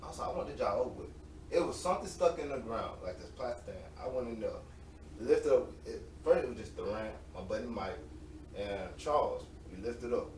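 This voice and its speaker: Guy in his late 20s telling stories, lively pitch, slangy, echoey room, mic kinda far. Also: fairly quick. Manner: animated, laughs often, slangy. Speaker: interview guest, semi-pro football player. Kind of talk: casual storytelling. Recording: roomy, distant mic with faint noise.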